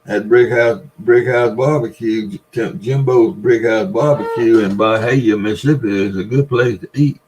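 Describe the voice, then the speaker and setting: A man's voice: lowish voice, fairly even intonation, normal speed, few pauses, darkish tone, rough recording. Older Southern man, folksy and rambling. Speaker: livestream host. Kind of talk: casual livestream chat, reading viewer comments.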